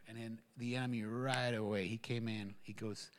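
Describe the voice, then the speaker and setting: A man's voice: medium pitch, a little fast, few pauses. A man telling a personal testimony at a church gathering, rambling, with many fillers and restarts. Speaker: church member giving a testimony. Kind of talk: casual spoken testimony.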